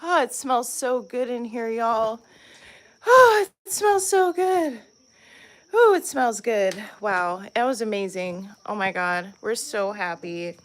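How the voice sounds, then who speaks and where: High-pitched woman vlogging around her off-grid cabin, slow easy talk, keeps saying y'all to the viewers. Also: expressive. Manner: chatty, talks to viewers, calls them y'all. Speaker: vlogger, homestead channel co-host. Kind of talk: casual live-stream vlog. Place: off-grid cabin and homestead, in and out of doors.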